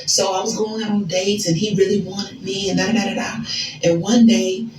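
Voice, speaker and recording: An American woman telling a casual story in an animated, slangy, chatty way. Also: mid-range voice, normal speed, reverberant, faint music behind, low-quality recording. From United States. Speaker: storyteller in a social media clip.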